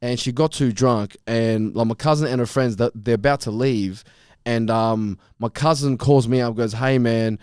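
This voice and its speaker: A young man telling a story on a podcast, animated and swearing freely. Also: medium pitch, moderate pace, clear, resonant tone, no room sound, clean studio sound. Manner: animated, swears freely, acts out quoted lines. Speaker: podcast guest. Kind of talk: casual storytelling chat.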